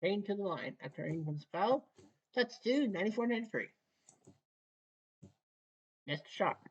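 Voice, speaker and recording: A woman's voice: mid-range voice, slightly rough, muffled recording. A woman from Canada calling a basketball video game in casual solo play-by-play, with clipped calls and wry asides. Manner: clipped, rapid calls, wry asides, rising excitement near the end. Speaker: play-by-play commentator.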